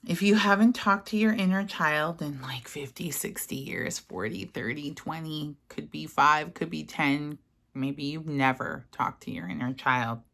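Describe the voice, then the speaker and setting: A woman leading a guided mirror-work lesson, speaking gentle, soothing affirmations. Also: sits low, lively intonation, a little slow, creaky. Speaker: self-help guide.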